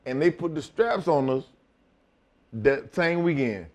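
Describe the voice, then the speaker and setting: A middle-aged man and former wrestler telling a profane, animated story in a shoot interview, laughing as he goes. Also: on the high side, unhurried.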